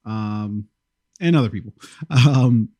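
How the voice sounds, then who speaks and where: Low-ish guy hosting a podcast, lots of uhs and ums, dry close sound. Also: takes it slowly, darkish tone, no echo, muffled recording. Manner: hesitant, lots of filler words, stumbles over names. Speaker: podcast host. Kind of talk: casual chat.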